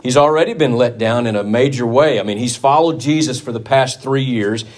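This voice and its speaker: A man's voice: mid-range voice, a little fast. A man preaching a sermon in a church, telling a Bible story earnestly and leaning hard on key words. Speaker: pastor.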